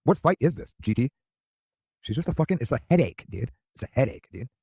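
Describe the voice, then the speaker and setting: Streamer man in his 50s, profane rambling rant, husky, fast and swooping. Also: medium pitch, sing-song, mellow, no room sound. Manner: profane, rambling, repeats "dude". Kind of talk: crude ranting monologue.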